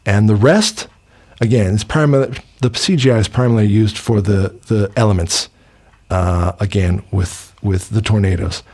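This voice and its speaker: Male reviewer, fairly low voice, chatty and rambling. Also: moderate pace, darkish tone. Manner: rambling, with many fillers and restarts. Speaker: film reviewer. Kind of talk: casual movie review.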